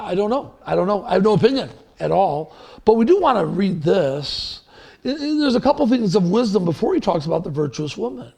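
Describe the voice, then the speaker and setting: A man's voice: high-pitched, creaky, darkish tone, husky. A man preaching a sermon as pastor, telling stories in a rambling, anecdotal way with restarts. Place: church sanctuary.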